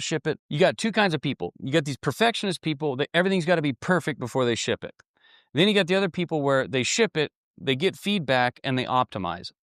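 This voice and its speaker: A man's voice: mid-range voice, a bit bright, dry recording, studio quality. A man giving a blunt, folksy motivational talk on building an online business, with lots of restarts and repetition.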